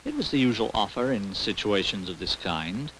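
Expressive man reading a storybook aloud. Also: lowish voice, normal speed, slight background noise, rough recording. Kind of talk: storybook narration.

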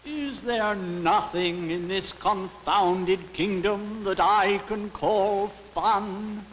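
A man's voice: high voice, steady tone, drawn-out words, fairly bright tone, in a large hall, a little hiss or hum, pitched above the performer's own voice, full character voice, rough recording. A man voicing a grumpy, complaining king in a storybook reading, drawing his lines out with exasperation over background music. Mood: exasperated. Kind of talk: storybook character voice.

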